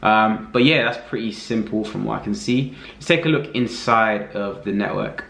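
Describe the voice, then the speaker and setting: A man giving a casual screen-recorded walkthrough as a reviewer, relaxed and thinking aloud with many fillers. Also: fairly low pitch, moderate pace, vocal fry, slight background noise. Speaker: affiliate marketing reviewer. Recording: roomy echo.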